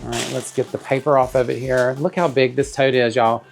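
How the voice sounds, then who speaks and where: Guy unboxing a bag, gravelly voice, chatty and excited, bit of quiet music behind. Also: medium pitch, brisk. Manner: chatty, enthusiastic, addresses viewers as y'all. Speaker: bag reviewer. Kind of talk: casual unboxing vlog.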